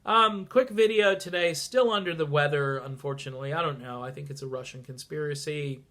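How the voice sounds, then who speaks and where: A man's voice: fairly high pitch, a little fast, fairly bright tone. A man with a congested, stuffy voice, talking casually and sarcastically on a political vlog, swinging from mutters to sudden outbursts. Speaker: political vlogger.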